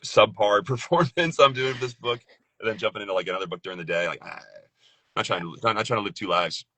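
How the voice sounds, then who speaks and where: A man's voice: lowish voice, fast talker, pushed and bright, no echo. A man, a voice actor, talking casually as a guest, loose and laid-back and laughing often. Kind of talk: casual conversation.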